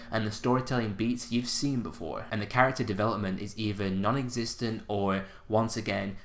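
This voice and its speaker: A man giving a casual spoken movie review on his channel, blunt and unimpressed in a conversational way. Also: on the low side. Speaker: film reviewer.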